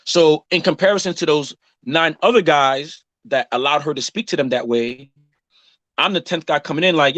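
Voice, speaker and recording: A man's voice: on the high side, moderate pace, dry recording, lo-fi sound. A man in his thirties co-hosting a casual chat show, telling stories and acting out the people he quotes. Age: 30s. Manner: animated storytelling, acts out quotes. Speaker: podcast co-host.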